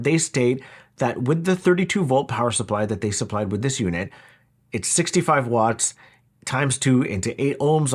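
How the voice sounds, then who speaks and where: A man's voice: medium pitch, a bit bright. A man talking through a product review in a casual, wry, conversational way. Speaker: audio equipment reviewer.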